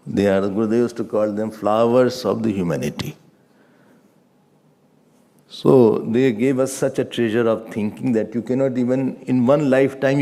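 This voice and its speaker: A man's voice: medium pitch, mellow. A man giving a scripture class lecture as a Vedanta teacher, patiently repeating his points for emphasis.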